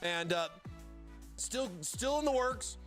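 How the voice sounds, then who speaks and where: High-voiced rambling male stream host. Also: animated, slow, a bit bright, faint music behind. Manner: rambling, stammers and repeats words. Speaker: livestream host. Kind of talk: casual product livestream chat.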